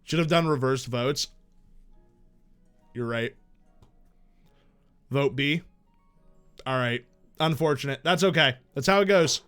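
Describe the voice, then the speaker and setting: A man's voice: mid-range voice, slow, pauses often, fairly bright tone, clear, resonant tone, soft background music. A man streaming a game live, thinking aloud in casual, profane chat.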